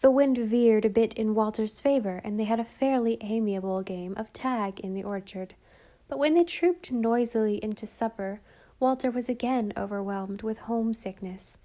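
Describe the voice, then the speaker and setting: A woman narrating a storybook in a calm, even way. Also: a little high, normal speed. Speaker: audiobook narrator.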